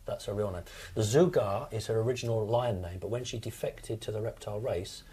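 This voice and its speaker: A man from the United Kingdom, calmly recounting his experiences as an interview guest in a matter-of-fact, explanatory way. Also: fairly low pitch, a little fast, slightly rough.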